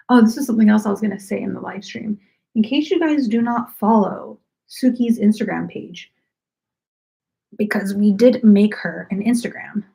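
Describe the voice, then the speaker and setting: A warm, gravelly voice of medium pitch at normal speed belongs to a woman hosting a casual knitting stream from home. She chats in a meandering way and says "like" often.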